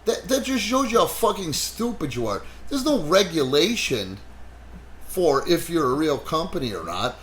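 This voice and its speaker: A man's voice: sits high, a little hiss or hum. Brash, profane man telling stories. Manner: animated, swears heavily, frequent "you know". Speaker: wrestling promoter and podcast host. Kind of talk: casual profane podcast storytelling.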